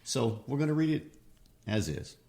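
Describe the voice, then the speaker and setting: A man's voice: mid-range voice, big pitch swings, normal speed, gravelly, dark tone. A man co-hosting a literature podcast, chiming in with comments in a casual way. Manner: conversational, interjecting. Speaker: podcast co-host.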